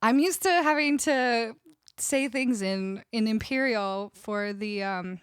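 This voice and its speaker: A woman's voice: fairly high pitch, slow pace, clear, resonant tone, dry recording, studio quality. A young Canadian woman with a Canadian accent, chatting casually with her live stream viewers, laughing often and reading their messages aloud. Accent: Canadian English. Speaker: music streamer. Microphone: studio vocal mic.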